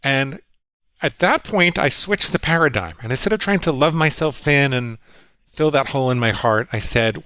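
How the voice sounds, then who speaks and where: A man's voice: medium pitch, animated, moderate pace, sharp tone, clear, resonant tone, no echo. Middle-aged male guest psychologist, earnest and reflective, dry close sound. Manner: earnest, reflective, quotes his own inner voices. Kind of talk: storytelling conversation.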